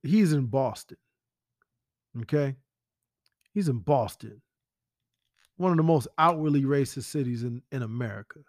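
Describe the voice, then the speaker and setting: A man's voice: medium pitch, moderate pace, no room sound, clean studio sound. A man hosting a casual commentary podcast, blunt and profane, firing rhetorical questions at the listener. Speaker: podcast host.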